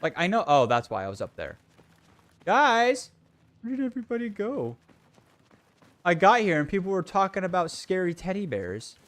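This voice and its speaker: A man's voice: high-pitched, sing-song, fast talker, hardly any pauses. A young man livestreaming a video game, ranting and swearing in exasperation while talking casually to his viewers.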